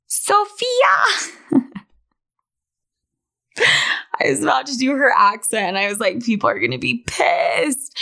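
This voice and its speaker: Young woman, podcast host, candid and chatty, slightly high voice, casual monologue. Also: bright, forceful tone. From Utah, USA. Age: 20s. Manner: candid, chatty, laughs often.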